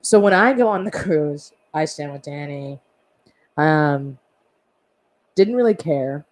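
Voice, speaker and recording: A woman's voice: deep voice, expressive, slow. Chatty woman rambling with asides. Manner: rambling with asides and soft laughs. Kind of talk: casual podcast chat.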